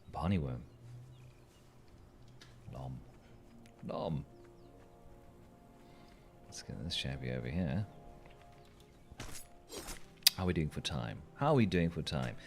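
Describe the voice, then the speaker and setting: A man's voice: rumbling low, sing-song, slow, pauses often, music in the background. A man chatting playfully through a game as a let's-play host, joking with the creatures on screen. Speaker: gaming channel host.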